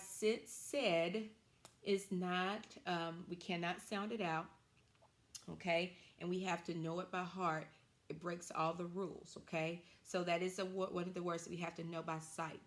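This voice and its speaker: A woman teacher giving an online reading lesson to young children, encouraging and slow, drawing out her words clearly. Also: fairly low pitch.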